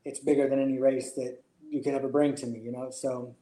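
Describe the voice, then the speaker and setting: A man's voice: mid-range voice, little pitch movement, fairly quick, warm tone, echoey room, low-quality recording. A man, a jockey, telling his story in an interview in a reflective, emotional way. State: choked up. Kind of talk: interview answers.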